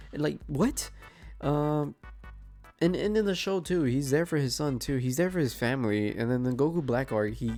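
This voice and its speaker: A man with a blocked, stuffy nose rants as a gaming commentator. He sounds fed up and swears freely, throwing out the same rhetorical questions again and again. His voice sits at an ordinary middle pitch, with soft music playing underneath. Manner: exasperated, profane, repeats rhetorical questions. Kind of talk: ranting reaction commentary.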